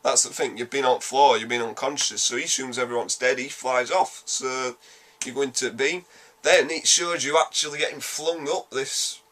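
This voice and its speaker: A man with a Yorkshire accent giving a casual spoken game review, animated, blunt and sweary, rambling quickly through his points. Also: medium pitch. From Yorkshire, England.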